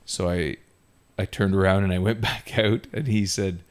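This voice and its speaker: Man, low voice, animated and self-mocking podcast storyteller. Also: normal speed, clean tone. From Ontario, Canada. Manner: animated, self-mocking, laughs often while telling. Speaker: podcast host. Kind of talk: casual storytelling.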